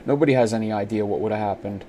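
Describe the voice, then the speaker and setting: A man's voice: lowish voice, rapid-fire, dark tone, slight background noise. An American man from Pennsylvania, hosting casual, rambling chat with frequent swearing. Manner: rambling, laughing easily, swearing. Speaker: podcast host.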